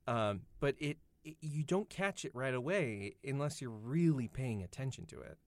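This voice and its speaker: A man's voice: mid-range voice, expressive, moderate pace, a little mellow, no echo. A man co-hosting a podcast, thoughtfully explaining ideas in a casual film discussion. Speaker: podcast co-host.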